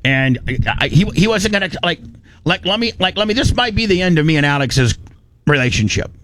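A man hosting a radio talk show, telling a story in an animated, ranting way with frequent restarts. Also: high voice, a little fast, noisy background.

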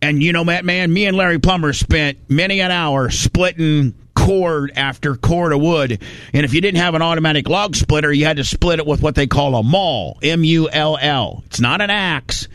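A folksy man spins a rambling story in a slightly raised voice. He drifts between tangents and throws in quick impressions of the people he talks about. The sound is dry and close, with no room around it. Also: a little high, a bit bright, no echo. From Indiana. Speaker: podcast host telling a story. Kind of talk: casual storytelling.

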